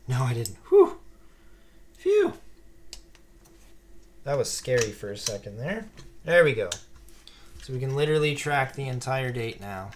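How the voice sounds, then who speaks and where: A man builds Lego sets during a casual live stream, chatting and voicing viewer comments aloud. His mid-range voice has lively intonation at a normal speed, with a little hiss or hum in the background.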